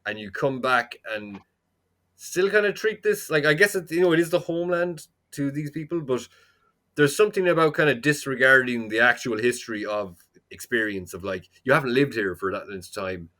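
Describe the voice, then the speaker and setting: An Irish man talks at length in a loose, rambling podcast chat, peppering it with swears. His voice is bright and forward, at a middling pitch. He speaks into a headset at home. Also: animated, brisk. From Ireland. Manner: long-winded and rambling, swears freely. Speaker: podcast co-host. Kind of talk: casual chat.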